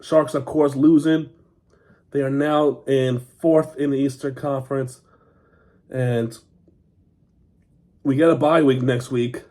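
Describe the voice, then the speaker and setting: A man's voice: medium pitch, fairly even intonation, slow pace, pauses often, mellow. A man hosting his own fan channel, giving an unscripted game recap while sick with a cough, frustrated and exasperated as he complains. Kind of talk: unscripted sports recap rant.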